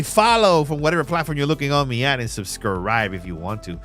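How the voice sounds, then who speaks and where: A man hosting a live trading stream, walking through charts and shouting out viewers in a casual, slangy, emphatic way. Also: sing-song, fairly quick, faint music behind. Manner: emphatic, hype-driven pitch to viewers. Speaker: livestream trading host. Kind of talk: live chart walkthrough and chat shout-outs.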